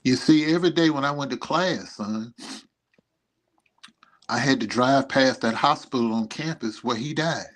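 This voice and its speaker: A man's voice: mid-range voice, normal speed, long pauses, a bit bright. A middle-aged man giving an emotional, rambling message to his son, speaking tenderly and proudly. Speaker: vlogger. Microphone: streaming setup.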